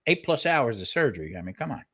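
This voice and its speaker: A man's voice: medium pitch, big pitch swings, quick pace, a bit bright, breathy edge. An older man co-hosting a cooking show in casual live-stream chat, rambling and restarting his sentences with frequent exclamations.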